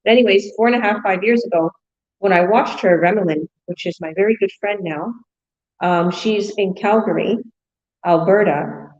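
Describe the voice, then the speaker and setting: A woman's voice: mid-range voice, normal speed, a little mellow, highs cut off. A woman hosting a live business webinar, chatty and effusive, with many fillers.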